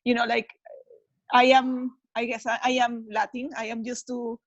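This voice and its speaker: A woman's voice: on the high side, little pitch movement, normal speed, no echo, dull audio. Chatty woman. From Peru. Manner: chatty, with many "like" fillers. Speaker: mastermind member.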